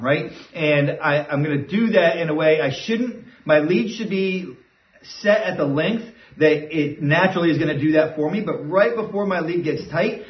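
A man who trains dogs gives a casual, step-by-step lesson and often checks in with "right?". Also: a little high. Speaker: dog trainer. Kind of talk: instructional talk. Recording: dull, roomy sound from a distant mic.

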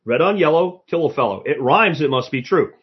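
Ranting back at chat comments on his live stream, this podcast host is blunt and profane, speaking fairly quickly with a fairly high, slightly husky voice. His delivery swoops with energy, though the audio sounds dull and lo-fi.

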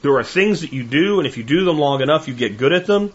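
Middle-aged guy rambling on a podcast, husky and bouncy, kinda muffled lo-fi sound. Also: a little high, fast. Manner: animated storyteller, acts out quoted voices. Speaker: podcast host. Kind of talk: casual monologue. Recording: dull lo-fi recording.

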